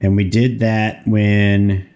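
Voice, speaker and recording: Streamer: man, somewhat low voice, mutters and swears while debugging live. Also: level tone, slow pace, darkish tone, clear, resonant tone. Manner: thinking aloud, muttering, swears casually. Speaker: streamer coding a game mod. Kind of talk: casual livestream chat while coding.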